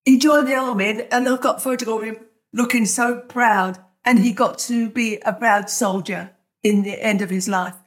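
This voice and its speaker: An older woman with a fairly high voice tells her story in a chatty, rambling way. She slips into the voices of the people she quotes as she goes. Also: steady tone, moderate pace. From London, England. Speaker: guest, author. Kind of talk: telling her life story.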